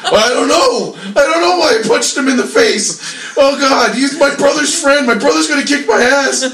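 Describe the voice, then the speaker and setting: Guy doing a high whiny freaked-out steroid dude, roomy distant sound. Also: moderate pace, a bit bright. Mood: panicked. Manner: frantic, whiny. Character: panicking drunk young man on steroids.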